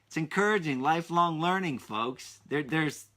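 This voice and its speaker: Man, 30s, podcast host, kids' show, enthusiastic, repetitive, bright tone. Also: mid-range voice, animated, normal speed. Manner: enthusiastic, repetitive, addresses kids directly. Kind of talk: upbeat kids' podcast talk.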